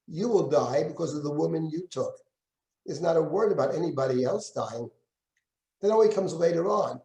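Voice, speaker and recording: A man's voice: expressive, moderate pace, dark tone. A man teaching a Bible class as a rabbi, reading verses aloud, translating them and acting out the speakers. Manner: reads Hebrew verses aloud, then translates and comments; acts out quoted speakers with shifts in pitch. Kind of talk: lecture with close text reading. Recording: echoey room.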